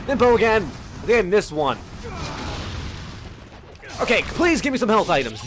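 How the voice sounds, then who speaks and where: Excitable high-voiced young man gaming. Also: normal speed, noisy background. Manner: excitable, swears often, yells at enemies. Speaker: Let's Play commentator. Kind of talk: gameplay commentary.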